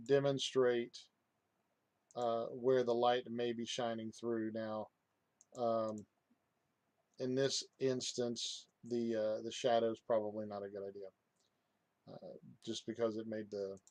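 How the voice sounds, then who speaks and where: Slow, hesitant man demoing software. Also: mid-range voice, no room sound. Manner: hesitant, many fillers and restarts. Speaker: software reviewer. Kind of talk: casual screen-recorded tutorial.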